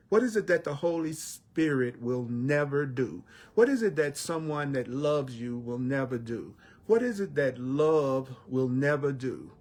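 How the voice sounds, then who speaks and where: A man teaching spiritual lessons in an emphatic style, repeating phrases and slowing down on key words. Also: medium pitch, lively intonation, faint music behind. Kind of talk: repetitive inspirational teaching.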